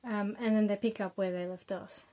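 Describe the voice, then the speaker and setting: A woman's voice: medium pitch, steady tone, moderate pace, dark tone, low-quality recording. Young Australian woman, casual reviewer, chatty and loose, mid-range voice, lots of fillers. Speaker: book reviewer.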